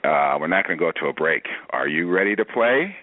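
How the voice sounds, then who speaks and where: Man, radio host, teasing and jokey, lively pitch swings, dry tinny phone-line sound. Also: fairly quick, dry recording. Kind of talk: radio interview with games and improv.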